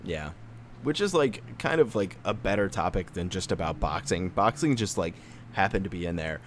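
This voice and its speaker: A young man co-hosting a casual movie podcast, animated and full of fillers. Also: low-pitched, normal speed, a little hiss or hum. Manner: animated, filler-heavy, laughs often. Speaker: podcast co-host. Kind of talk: casual chat.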